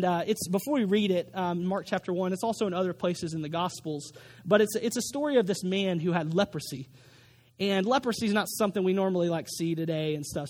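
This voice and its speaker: A man's voice: sits high, darkish tone. A man in his thirties preaching a sermon in a conversational way, with many fillers and restarts. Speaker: pastor.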